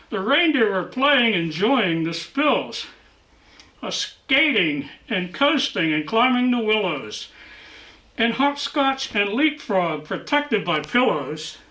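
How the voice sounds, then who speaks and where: A woman's voice: on the high side, fairly bright tone, echoey room, poor audio. A woman playing a jolly old Santa Claus who reads a picture book aloud to children. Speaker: guest storyteller.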